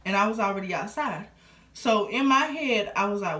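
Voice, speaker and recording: A woman's voice: mid-range voice, brisk, a bit bright. A young adult woman vlogging a casual storytime, rambling along with lots of fillers. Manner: rambling, filler-heavy, conversational. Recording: roomy echo.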